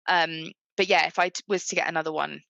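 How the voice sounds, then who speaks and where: Young woman, podcast guest, bright tone, chatty, dry close sound. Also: sits low, fairly even intonation, quick pace, vocal fry, no echo, dull audio. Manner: chatty, frequent "like" fillers. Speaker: podcast guest, puppy owner. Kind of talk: podcast interview.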